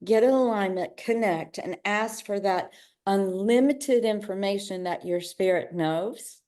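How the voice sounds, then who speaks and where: A woman interview guest talking about business and telling a personal story with spirit, often rushing ahead in quick bursts and acting out bits of dialogue. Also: mid-range voice, a little mellow. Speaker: guest, business owner and artist.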